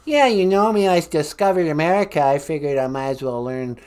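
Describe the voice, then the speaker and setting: A woman's voice: low-pitched, brisk, a little mellow, lightly acted. A woman doing a cocky Columbus caller. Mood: breezy. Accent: Boston. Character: brash male explorer caller, Christopher Columbus. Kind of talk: comedy call-in bit.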